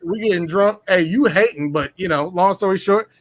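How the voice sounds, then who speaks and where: A man telling a rowdy personal story in casual chat, boastful and profane, full of slang and animated bragging. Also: sits high, moderate pace, background noise. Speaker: podcast guest telling a story.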